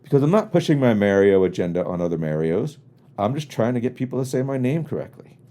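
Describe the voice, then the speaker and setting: A man's voice: medium pitch, big pitch swings, fast, mellow. A man hosting a podcast, originally from the US East Coast, telling rambling, wry and exasperated comic stories in a casual monologue. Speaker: podcast host. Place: home studio in Los Angeles.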